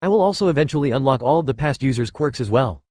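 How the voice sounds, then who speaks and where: A man reading the lines of a blunt, profane young swordsman hero in a flat, quick storybook voice. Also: mid-range voice, no room sound, lightly acted.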